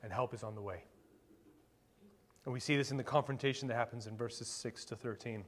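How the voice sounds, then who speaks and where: A male pastor preaching a sermon in a conversational way, with rhetorical questions and sudden bursts of excitement. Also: medium pitch, fairly quick. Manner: conversational preaching with asides and fillers.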